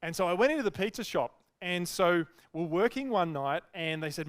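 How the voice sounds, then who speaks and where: A man coaches business owners through a chatty, self-deprecating story. He talks in a high voice with animated energy, leaning on fillers as he goes. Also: normal speed, few pauses, clear, resonant tone. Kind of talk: storytelling talk.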